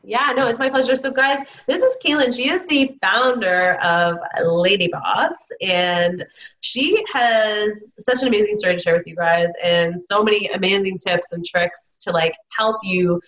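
A woman's voice: mid-range voice, a little slow, fairly bright tone. A woman hosting a podcast, effusive and gushing as she introduces her guest. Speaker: podcast host. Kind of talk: casual interview chat. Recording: dull lo-fi sound.

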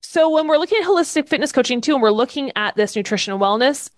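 A woman's voice: sits high, animated, fast talker, no echo. Upbeat woman teaching a fitness class. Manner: enthusiastic, checks in often with "okay?" and "right?". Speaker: fitness coaching instructor. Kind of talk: live online training class. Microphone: webcam setup.

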